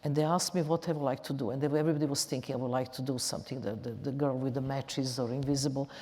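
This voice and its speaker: Speaking non-native English with a Slavic accent, this woman, whose first language is Serbian, is an onstage interview guest in a large auditorium. Her voice is very deep, mellow and steady, and she talks at a racing pace, often repeating and restarting phrases. The recording carries a long hall reverb.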